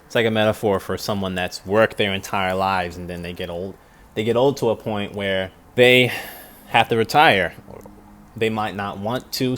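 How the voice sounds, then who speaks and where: A man's voice: fairly low pitch, fairly bright tone. A young man, an animator, chatting casually and rambling as he reacts to a film. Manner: rambling, thinks aloud with restarts.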